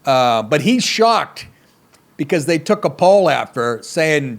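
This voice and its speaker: A man's voice: medium pitch, expressive, a little slow, vocal fry. A middle-aged man hosting a comedy podcast, ranting in a crude, sarcastic, blunt way with constant swearing. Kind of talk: profane comedic rant.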